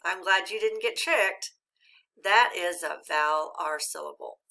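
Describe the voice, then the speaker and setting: A woman teacher giving a slow, patient phonics lesson, speaking clearly and sounding out each syllable. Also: lowish voice, pushed and bright. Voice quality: clear, deliberate enunciation of syllables.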